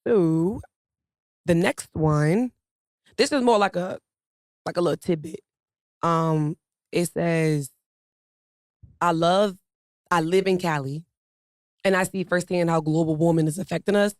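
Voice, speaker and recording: A comedy show co-host in a relaxed way, reading listener questions aloud. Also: medium pitch, a little slow, long pauses, no room sound, clean studio sound.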